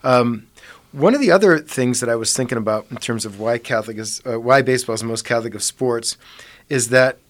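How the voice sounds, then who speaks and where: A man's voice: medium pitch, brisk. A man co-hosting a casual chat, thoughtful and affirming, drawing analogies. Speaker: podcast co-host.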